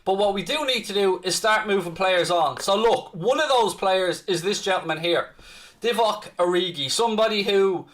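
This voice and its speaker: A man with a fairly high voice hosts a live fan stream. He chats in a loose, upbeat way and picks up viewer comments as he goes. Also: normal speed, a bit bright. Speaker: fan channel host.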